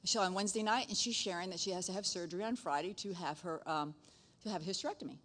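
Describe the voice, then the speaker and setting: A middle-aged woman, a nurse, shares a faith testimony in a lively way. She laughs often and acts out the dialogue. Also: on the low side, fast. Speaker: speaker sharing testimony. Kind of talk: casual testimony storytelling.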